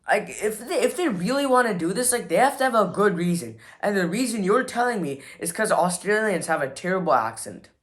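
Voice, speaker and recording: A man's voice: sits high, very animated, fairly quick, few pauses, a bit bright. A young man hosting a reaction video, mocking and exasperated, full of "like" fillers. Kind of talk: sarcastic reaction commentary.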